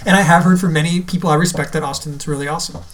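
A man's voice: fairly high pitch, steady tone, racing, fairly bright tone. Joking man co-hosting a podcast. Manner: joking, laughs often. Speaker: podcast co-host. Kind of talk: casual chat.

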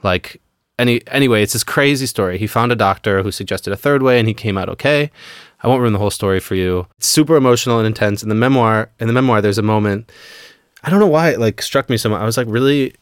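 A man's voice: on the low side, quick pace, smooth, dry recording, studio quality. A man co-hosting a podcast, telling a story in a rambling, casual way with lots of fillers. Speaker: podcast co-host.

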